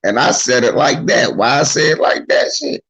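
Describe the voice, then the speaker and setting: A man talks casually in a slightly husky, breathy voice, handing out blunt, profane, streetwise advice. His pitch moves around a lot, climbing and dropping as he slips into quick impressions of the people he is describing. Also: very animated, fairly bright tone, low-quality recording. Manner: acts out quoted voices of others. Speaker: commentator giving advice. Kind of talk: casual monologue.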